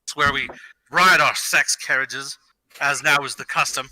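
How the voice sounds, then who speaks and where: A man playing a deadpan nobleman in an improvised tall tale. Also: mid-range voice, normal speed, no room sound, poor audio.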